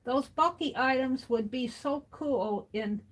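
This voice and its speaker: A woman hosting a casual crafting livestream, talking to herself as she works and drifting from the mic now and then. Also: high voice. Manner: unhurried, muttering to herself while working.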